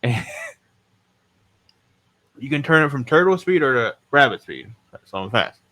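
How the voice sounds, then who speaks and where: A man's voice: mid-range voice, very animated, slow, sharp tone. A man hosting a podcast, telling stories in a casual, rambling, self-mocking way and swearing freely. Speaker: podcast host.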